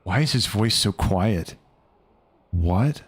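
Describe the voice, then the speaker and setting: A man's voice: on the low side, lively intonation, slow pace, husky. A young man streaming a video game live, chatting loosely and rambling, swearing casually as he plays.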